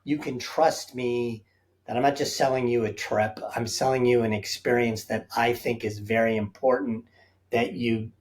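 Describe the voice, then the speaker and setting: A man's voice: medium pitch, fairly even intonation, normal speed. A man speaking as a guest on an interview podcast, earnest and reflective, laying out his points one by one. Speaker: guest, safari company founder. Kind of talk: conversational interview answers.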